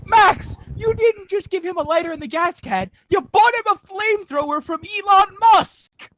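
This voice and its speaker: A co-host on a livestream call, scolding friends with exasperated, quick retorts. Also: very high-pitched, a bit bright. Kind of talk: joking livestream banter.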